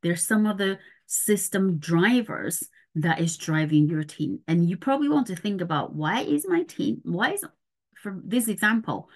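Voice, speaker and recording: A woman's voice: lowish voice, animated, moderate pace. A middle-aged woman parenting coach on a podcast, explaining step by step and often checking in with the listener.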